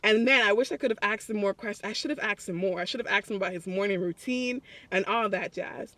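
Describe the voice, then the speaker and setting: Chatty high-voiced young man vlogging. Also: fast, no echo. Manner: excited, chatty, laughs often. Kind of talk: casual vlog storytelling. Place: public place.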